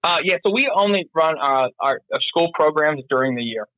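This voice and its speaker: A man's voice: on the high side, expressive, normal speed, no room sound, narrow, tinny audio. A man from North Carolina, a podcast guest, chatting casually and rambling with plenty of fillers and restarts. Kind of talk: casual interview chat.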